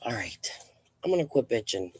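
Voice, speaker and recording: A woman's voice: very deep voice, sing-song, normal speed, a little mellow, slight background noise. Blunt, rambling woman streamer at home. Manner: rambling, blunt and profane, self-deprecating. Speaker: live stream host. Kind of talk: casual rambling chat.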